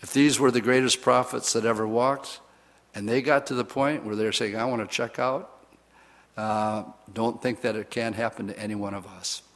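A man's voice: on the low side, little pitch movement, moderate pace, fairly bright tone. A man preaching a sermon and acting out the lines of the people he quotes. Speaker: pastor. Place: church. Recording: long reverb of a church hall.

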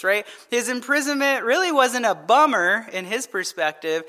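A man preaching a sermon as pastor, in a conversational, animated storytelling manner that often checks in with "right?". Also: very high-pitched, measured pace, hardly any pauses.

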